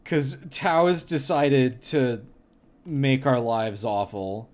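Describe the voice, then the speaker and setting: A man streaming casually, laughing often and reacting to things with loud mock horror and swearing. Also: mid-range voice, takes it slowly. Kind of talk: casual livestream chat.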